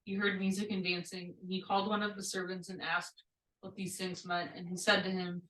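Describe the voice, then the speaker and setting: A woman's voice: lowish voice, flat delivery, a little fast, a bit bright. Woman reading scripture from far off. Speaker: class member reading scripture. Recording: distant mic in echoey room.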